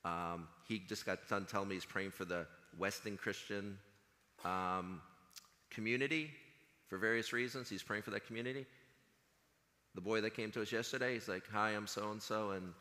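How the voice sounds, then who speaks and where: A man giving an earnest chapel talk to high school students, telling stories and acting out what others said. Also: fairly even intonation, moderate pace, bright, forceful tone. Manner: earnest storytelling, quotes others in conversation. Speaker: school chaplain. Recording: long hall reverb.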